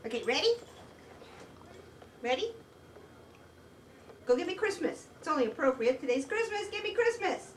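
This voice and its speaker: A woman's voice: sits high, big pitch swings, normal speed, long pauses, echoey room, recorded from a distance. A woman at home, talking to her dog in a coaxing, sing-song pet voice with lots of repetition, in a noisy home video. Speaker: dog owner and hostess. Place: indoors at home.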